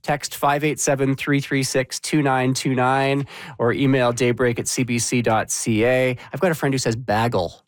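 A man hosting a morning radio show in a chatty, relaxed way. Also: mid-range voice, normal speed, no echo.

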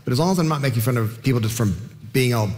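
Man, from Canada, comedian, rapid speech, long reverb. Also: medium pitch, darkish tone. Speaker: comedian, panel guest. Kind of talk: panel chat.

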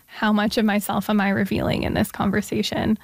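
A woman's voice: mid-range voice, level tone, brisk, vocal fry, dry recording, clean studio sound. A woman hosting an interview, asking thoughtful and encouraging questions. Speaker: interviewer host. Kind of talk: podcast interview.

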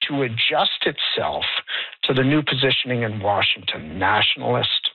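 A man speaks over a tinny, dry phone line, his voice gravelly and a touch husky. He explains trade matters at a measured pace, with plenty of "um" and "you know." His pitch moves in a lively way as he makes his points. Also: dry recording. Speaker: policy professor guest. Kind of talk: radio interview analysis.

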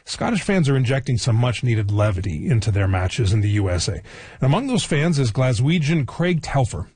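A man reads a brisk news introduction in a husky, mid-pitched voice. The sound is dry and close to the mic. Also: darkish tone, dry recording. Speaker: news presenter. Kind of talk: scripted news narration.

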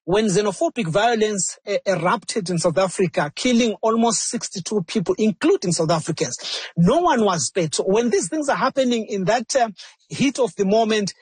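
A man's voice: high-pitched, lively intonation, normal speed, husky, no room sound. A man speaking as a journalist guest in an interview, explaining the situation earnestly. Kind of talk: interview answer.

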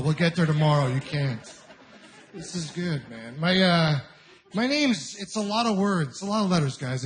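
A young man from Ontario doing a stand-up comedy set, telling stories animatedly and quoting people in different voices. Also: sits high. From Ontario, Canada. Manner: animated storytelling with quoted voices and audience laughter.

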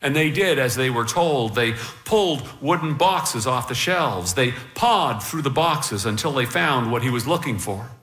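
Male storyteller, bright and expressive, unhurried; echoey room. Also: medium pitch. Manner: slow, expressive, warmly paced narration. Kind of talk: storybook reading aloud.

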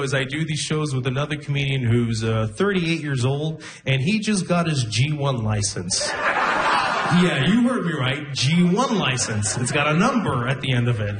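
A young man doing a stand-up set, telling wry, self-deprecating stories and slipping into quick character voices. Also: on the high side, lively intonation, heavy background noise. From Arab region. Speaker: stand-up comedian. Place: comedy stage with a laughing audience.

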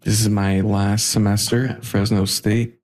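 A young man in his twenties, a student, talking in an interview in a soft-spoken, casual and hesitant way. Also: lowish voice, level tone, unhurried. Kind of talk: interview speech.

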